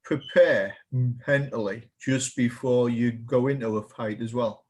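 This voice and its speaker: A man's voice: medium pitch, a little slow, poor audio. Podcast host man asking short questions. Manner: brief agreeing replies, short questions. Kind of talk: casual interview.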